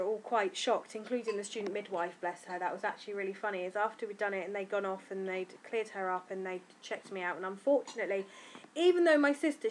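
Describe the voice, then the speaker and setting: A woman's voice: medium pitch, slight background noise. A tired woman, frankly and chattily telling her birth story in a casual vlog. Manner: chatty, frank and giggly, acting out quotes. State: tired from lack of sleep.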